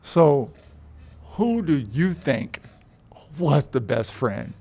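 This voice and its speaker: A man co-hosting a casual talk show who speaks frankly and offers strong opinions. His voice is gravelly with plenty of fry. It sits at a middle pitch. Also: sing-song, extremely slow, mellow. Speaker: co-host. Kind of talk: casual chat.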